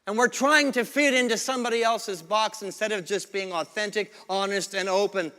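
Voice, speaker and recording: A man's voice: high voice, normal speed, bright, forceful tone, clear, resonant tone. A male pastor giving a sermon, leading the congregation in reading lines together and repeating key phrases. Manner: call-and-response preaching with repeated lines. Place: church sanctuary. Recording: long reverb of a church sanctuary.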